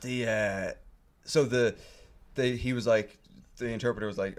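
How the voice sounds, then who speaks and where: A man's voice: lowish voice, fairly even intonation, fairly quick. A man on a casual podcast chat, telling a long story in a rambling, profane way full of fillers and restarts. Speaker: podcast guest telling stories.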